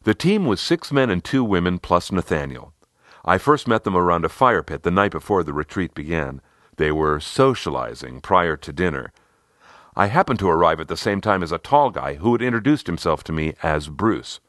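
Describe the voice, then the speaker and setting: A man narrating a scripted workplace story in an expressive storytelling manner. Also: low-pitched, normal speed, no echo, clean studio sound. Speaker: narrator and leadership consultant.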